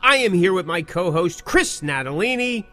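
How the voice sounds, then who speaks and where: A man's voice: high-pitched, animated, normal speed, bright, forceful tone, faint music behind. A man co-hosting a podcast, chatting casually and joking playfully about his own dramatic delivery. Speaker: podcast co-host. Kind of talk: casual chat.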